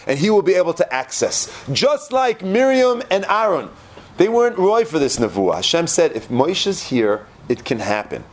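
A man giving a Torah class, quoting Hebrew verses and translating them, dropping to a low hush at dramatic moments. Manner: expressive, quotes Hebrew verses then translates. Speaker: Torah teacher.

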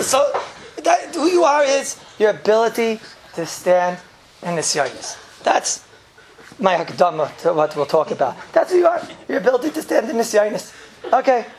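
A man's voice: high-pitched, a little hiss or hum. A man giving an informal class full of jokes and rhetorical questions, chuckling often. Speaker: yeshiva teacher giving a class.

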